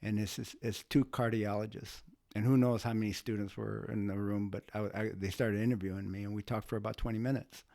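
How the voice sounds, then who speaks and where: A man's voice: on the low side, flat delivery, a little fast, creaky, warm tone, dry recording, studio quality. A man telling a personal story as a guest, speaking casually with restarts and rising emotion. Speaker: guest, bystander who helped.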